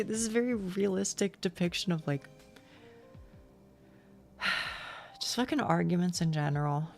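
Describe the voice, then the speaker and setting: A young woman streamer giving casual, rambling commentary, halting and swearing freely. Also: lowish voice, creaky, faint music behind.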